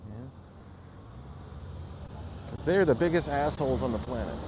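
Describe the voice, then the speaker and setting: With a medium-pitched, animated voice at a moderate pace, a vlogger launches into a heated, blunt political rant loaded with curse words. Loud traffic noise fills the background of the muffled recording.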